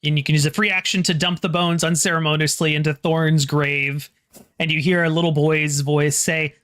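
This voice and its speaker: A game master running a tabletop horror game, halting and restarting phrases while describing the scene and calling for rolls. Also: mid-range voice, level tone, fairly bright tone.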